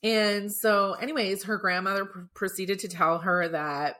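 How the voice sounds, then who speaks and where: A podcast host tells a story in a chatty, casual style full of filler words, getting choked up at times. Her mid-range voice is steady and sharp, and she keeps a measured pace.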